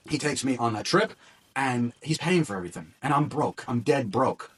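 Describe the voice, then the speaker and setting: A man who works as a wrestling ring announcer, a guest on an interview podcast, telling stories in a casual, animated way, acting out quotes and restarting often. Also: mid-range voice, husky, recorded from a distance. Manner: animated storytelling with quick restarts and acted-out quotes.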